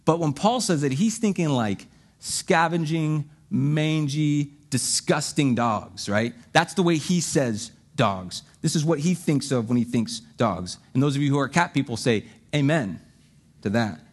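A man's voice: mid-range voice, animated, normal speed, a little mellow, husky. A man preaching a sermon, reading scripture and explaining it conversationally with joking asides. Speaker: pastor.

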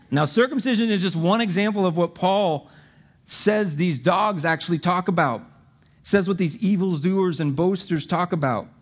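A man preaching with a slightly higher voice. He reads verses with drama, then explains them in a relaxed, chatty way with little jokes. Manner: conversational, joking asides, dramatic readings of scripture. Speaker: pastor. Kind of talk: sermon.

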